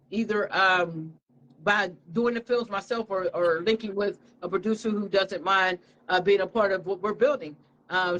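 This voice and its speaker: A woman talking casually as an interview guest, relaxed and slangy, with frequent fillers and restarts. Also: medium pitch, rough recording. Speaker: interviewee, media studio owner.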